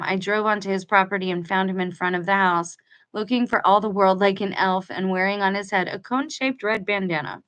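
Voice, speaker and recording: A woman's voice: medium pitch, a bit bright. Chatty woman reading with asides. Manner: conversational, chatty asides to viewers, restarts mid-sentence. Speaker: channel host reading a book aloud with commentary. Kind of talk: reading aloud with casual commentary.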